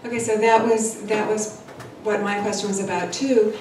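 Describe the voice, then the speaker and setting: A woman with a mid-pitched voice presses with a string of follow-up questions. She is heard from a distance in a roomy space, with faint noise behind her. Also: little pitch movement, a little mellow. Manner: inquisitive, rapid follow-up questions. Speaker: panelist novelist. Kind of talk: panel questions. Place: literary event hall. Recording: echoey room, distant mic, faint noise.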